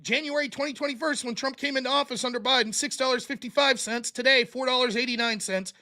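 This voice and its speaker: A man's voice: extremely high pitch, fairly even intonation, fast, bright, forceful tone. Blunt, sarcastic male commentary host. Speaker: show host. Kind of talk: political commentary rant.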